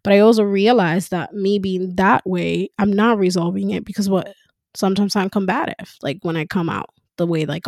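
Mom just talking straight, kinda gravelly, swears a lot, laughs a lot, super dry sound. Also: female voice, medium pitch, fairly quick, dry recording. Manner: frank and animated, swears freely, laughs often. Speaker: mother talking about parenting. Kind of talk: casual monologue.

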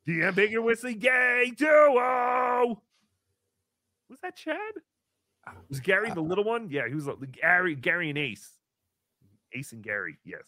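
A man plays a high, bright-toned, self-pitying showman, full of melodrama and swinging pitch. He refers to himself in the third person as if hosting his own sad little show. The sound is dry and close. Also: sing-song, measured pace, pauses often, no echo, heavily acted. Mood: excitable. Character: silly, self-pitying, nasal-voiced male showman. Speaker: livestream show host. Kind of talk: comedic live-stream character bit.

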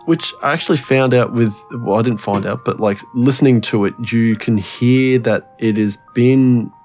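A man with a mid-pitched voice, co-hosting a podcast and eagerly breaking down technical details with plenty of swearing. Faint music plays behind him. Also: normal speed, a little mellow. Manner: enthusiastic, sweary, explaining in detail. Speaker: podcast co-host. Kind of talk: casual chat.

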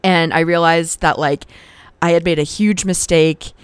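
A young woman hosting her own podcast, talking casually and bluntly with plenty of swearing. Her voice sits fairly low and sounds smooth and clear. The recording is dry and close, with no room sound behind her. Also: fairly even intonation, unhurried, no echo. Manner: frank and profane, heated when retelling arguments. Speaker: podcast host. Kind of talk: casual confessional storytelling.

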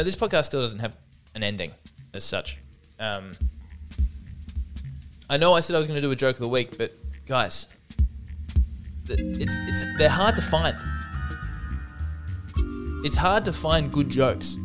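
A man's voice: mid-range voice, animated, unhurried, pauses often, a bit bright, faint music behind. A man with an Australian accent, hosting a solo comedy podcast in a wry, self-deprecating, rambling monologue.

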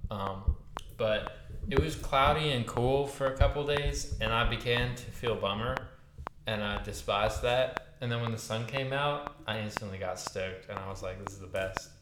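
A young man chatting in a low, easygoing voice, upbeat and loose with slang. The room around him rings with echo, and a steady noise sits under the recording. He sounds like a podcast co-host among friends. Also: moderate pace. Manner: laid-back, upbeat slang talker. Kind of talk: casual chat. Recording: echoey room with background noise.

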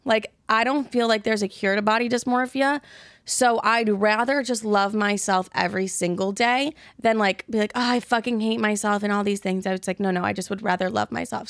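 Brisk and medium-pitched, this twenties-aged woman fields listener questions as a podcast host, keeping things candid and casual. She curses freely, rambles into self-talk, and throws in loud asides, all captured studio-clean without echo.

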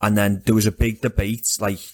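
A man chatting casually about football as a podcast co-host, animated and sweary, rambling with restarts. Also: fairly low pitch, brisk.

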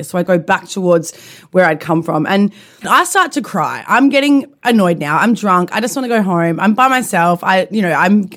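A woman spins a long story in relaxed conversation, laughing often as she tells it. Her voice sits at an ordinary middle pitch for a woman. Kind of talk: casual storytelling chat.

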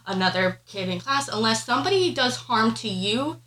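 A woman's voice: fairly high pitch, animated, normal speed, few pauses, sharp tone, poor audio. A pregnant woman on a podcast, emotionally retelling a family argument with lots of fillers. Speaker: podcast co-host. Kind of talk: casual chat, personal storytelling.

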